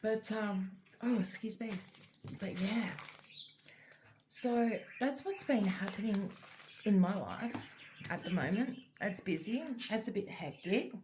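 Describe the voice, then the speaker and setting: A woman's voice: medium pitch, takes it slowly, background noise. A middle-aged Australian woman chatting casually as a crafting vlogger, rambling through a personal story with many fillers. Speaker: diamond art vlogger. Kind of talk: casual chat while crafting.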